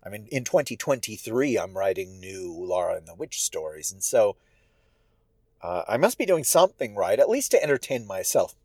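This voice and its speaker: A man who writes and performs audio stories, talking about his work in a casual, reflective monologue. He muses aloud and sounds animated and amused with himself. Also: on the low side, moderate pace, dry recording. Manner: musing, animated, self-amused.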